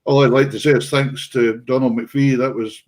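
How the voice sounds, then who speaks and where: A man's voice: medium pitch, fairly even intonation, moderate pace, poor audio. A man with a Scottish accent hosting a casual music show, full of effusive praise and thanks. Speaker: show host. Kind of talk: casual chat.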